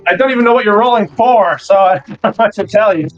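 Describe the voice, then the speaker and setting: A man's voice: sits high, quick pace. A man running a tabletop game as game master, wry and exasperated. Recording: dull lo-fi recording with faint music.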